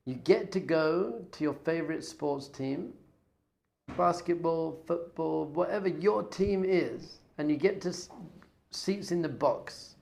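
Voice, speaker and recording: A middle-aged man, a rabbi, telling a story with excitement, his voice swinging from loud enthusiasm to hushed awe. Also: fairly high pitch, slow pace, vocal fry. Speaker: rabbi and teacher.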